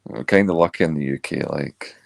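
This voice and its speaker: A man's voice: extremely low pitch, fairly quick, gravelly. A blunt, sweary man with a Scottish accent, ranting in a casual panel chat. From Scotland. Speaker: panel caller.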